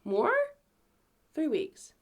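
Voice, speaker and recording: A young woman co-hosting a podcast, chatting casually, giggling often and swearing offhandedly. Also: extremely slow. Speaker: podcast co-host. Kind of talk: casual chat.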